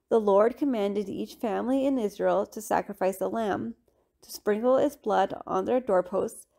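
Female reader for a scripture study lesson, steady and measured, with a gravelly, warm tone. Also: mid-range voice. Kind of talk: scripted reading.

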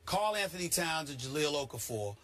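A man on a sports debate show, talking fast and animated and building up to shouting rants. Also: on the high side. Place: TV studio.

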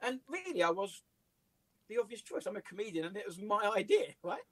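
English male comedian, high voice, animated storyteller, dry recording. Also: brisk, no room sound. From England. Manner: lively, laughs through his stories. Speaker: comedian and writer, guest. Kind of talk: casual anecdotal storytelling. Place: office.

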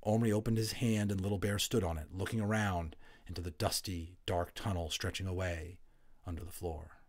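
A man narrating a children's novel aloud, expressive and building tension, dropping to hushed tones in quiet moments. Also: sits low, normal speed. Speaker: audiobook narrator. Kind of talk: storybook read-aloud narration.

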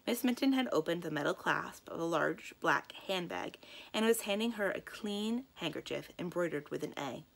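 Gravelly-voiced woman reading a children's book. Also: lowish voice, animated, moderate pace. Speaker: librarian reading aloud. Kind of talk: children's book read-aloud.

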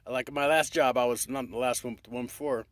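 Man, mid-pitched voice, rambling motivational vlog, affectionate and profane, dry sound. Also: steady tone, fast, no room sound. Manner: rambling, profane, affectionate, addresses viewer as babe. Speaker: vlogger.

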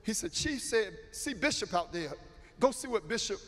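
A man preaching as bishop, telling a story in an animated way and acting out the voices. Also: sits high, moderate pace. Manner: animated, acts out voices, builds to shouting. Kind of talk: storytelling sermon. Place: large church sanctuary. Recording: echoey church hall, faint ambience.

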